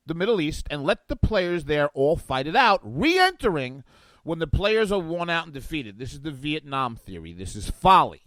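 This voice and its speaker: A man's voice: fairly high pitch, sing-song, normal speed, a bit bright, no room sound, rough recording. A man guest-hosting a political talk radio show, reading from an article and riffing on it sarcastically at a studio microphone.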